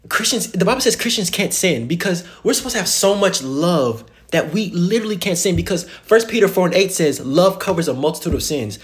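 A young man giving an impassioned, casual faith message, swinging between loud excited bursts and hushed storytelling. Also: a little high, moderate pace.

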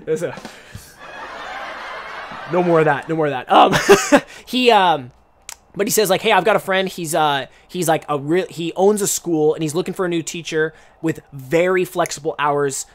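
Young man, casual podcast host, rambling chat, slightly high-pitched. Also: normal speed, a little hiss or hum. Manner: rambling, chatty, frequent restarts.

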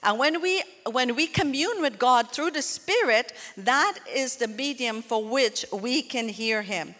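A woman's voice: on the high side, lively intonation, a little slow, pushed and bright. A woman pastor preaching a sermon in an earnest, conversational way, turning often to the congregation with asides. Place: church hall. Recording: long hall reverb.

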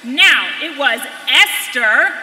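Slow, very bright reader, echoey and distant. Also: high-pitched, animated. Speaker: Megillah reader. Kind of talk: dramatic scripture reading to a congregation. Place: large synagogue sanctuary. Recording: echoey hall, distant mic.

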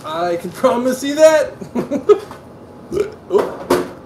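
A very high-pitched, extremely animated man hosts a casual live stream, drawing out his words as he gushes effusively over tastes and smells. He rambles through chatty asides to viewers, all against a noisy background.

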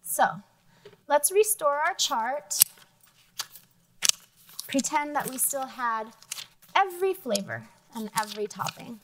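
A woman teacher reads a storybook to young children, slowly and with plenty of expression. Her voice sits a little high, and she gives the characters their own voices as she goes. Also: lively intonation, background noise. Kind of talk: reading a picture book aloud in a math lesson.

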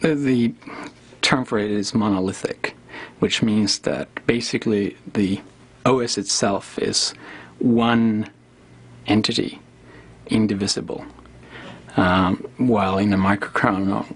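Gravelly, low-voiced man from Finland. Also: measured pace, long pauses. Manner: relaxed, hesitant with ums and restarts. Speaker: interviewee, software developer. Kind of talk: documentary interview.

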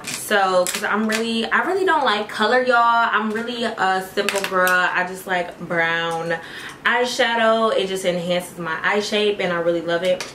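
A woman's voice: mid-range voice, a little slow. A young woman vlogger casually talking viewers through her makeup routine, calling them y'all and girl. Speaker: beauty vlogger. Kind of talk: casual makeup tutorial chat. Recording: echoey room, faint noise.

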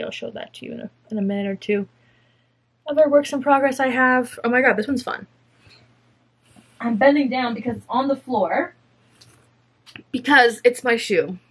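A young woman chatting casually to camera about her spinning and felting projects, rambling and self-mocking, now and then slipping into silly voices. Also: fairly high pitch. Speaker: fiber craft podcaster.

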